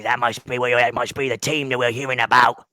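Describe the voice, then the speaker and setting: A man voicing panicking male goblin soldiers who swear and shout in fear. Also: medium pitch, flat delivery, a little fast, no echo, clean studio sound, voice pushed down, lightly acted. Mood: startled.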